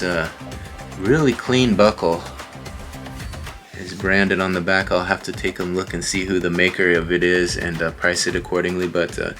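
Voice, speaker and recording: A man with a low, deep voice talks viewers through his resale finds in a relaxed, rambling way. He often pauses on fillers. Soft music sits faintly underneath. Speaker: online reseller. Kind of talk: casual show-and-tell vlog.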